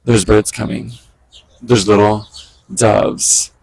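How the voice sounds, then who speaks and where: A man with a low, gravelly voice vlogs casually from a park. He is chatty and excitable, breaking off mid-thought to talk to the birds. The sound is dry and close to his handheld camera. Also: no room sound, rough recording. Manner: chatty and excitable, talks to birds, quick asides. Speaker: vlogger. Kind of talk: casual outdoor vlog chat. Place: outdoors in a park.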